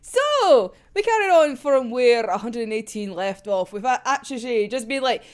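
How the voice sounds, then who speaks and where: A woman reacting to a manga chapter in a casual chat. Her voice is rough because she is unwell, and she swears a lot and laughs often. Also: fairly high pitch, big pitch swings, moderate pace. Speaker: manga reviewer.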